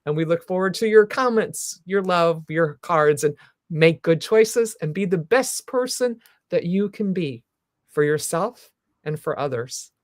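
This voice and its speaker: A woman hosting a live talk show, effusive and encouraging, rambling warmly through her questions and sign-off. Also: lowish voice, lively intonation, unhurried, no room sound, clean studio sound.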